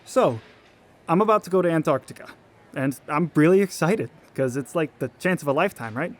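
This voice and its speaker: A man performing a theatrical monologue as an excited traveler who chats about heading off to Antarctica. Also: on the high side, fairly quick, natural voice. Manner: excited, chatty.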